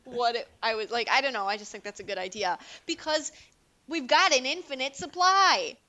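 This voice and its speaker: Female co-host, high and bright, enthusiastic chatter. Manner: enthusiastic, chatty, quick to laugh. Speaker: podcast co-host. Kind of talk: casual movie chat.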